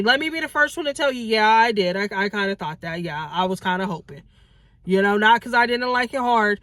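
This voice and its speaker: A young woman giving casual, lively Bible teaching to women, calling them baby and girls and acting out the voices in the story. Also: on the high side, dry recording. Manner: animated, acts out quoted voices, calls listeners baby and girls. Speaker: Christian teacher.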